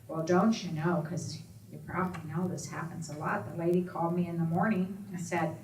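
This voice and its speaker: A woman's voice: lowish voice, a little fast, hardly any pauses. A middle-aged woman, an Alzheimer's advocate, telling a personal story to an audience and voicing the people in it. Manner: expressive storyteller, quoting others in raised voices. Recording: echoey room from far off, faint ambience.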